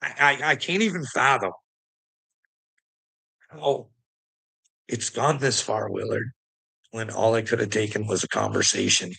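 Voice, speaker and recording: A man's voice: on the low side, a little slow, vocal fry, pauses often, pushed and bright, husky. A man delivering a profane, confrontational rant at someone, laughing between jabs. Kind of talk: ranting monologue to camera.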